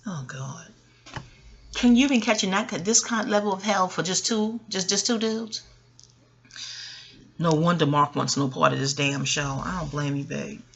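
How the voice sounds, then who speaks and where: A woman's voice: lowish voice, moderate pace, gravelly, long pauses, muffled recording. A woman giving a casual, rambling review of a reality TV episode, chatty and profane, with frequent asides to the listener. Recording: faint background noise.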